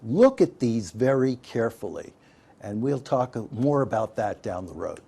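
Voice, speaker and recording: A man's voice: mid-range voice, big pitch swings, measured pace, vocal fry, dark tone, husky. A man giving an instructional talk on staying safe online, folksy and emphatic, often calling his listeners folks. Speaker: digital literacy instructor.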